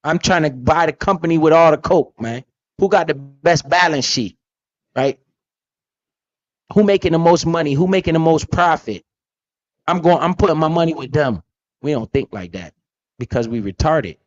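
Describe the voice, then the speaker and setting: A man's voice: fairly high pitch, moderate pace, pauses often, muffled recording. A man hosting a casual, profane talk about investing, blunt and emphatic with lots of slang. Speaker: podcast host.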